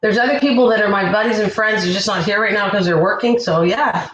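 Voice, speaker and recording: A woman hosting a casual cooking livestream, chatting away and warmly thanking viewers by name from her kitchen. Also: mid-range voice, fast, muffled recording, slight background noise. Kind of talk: casual live-stream chat. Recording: echoey room.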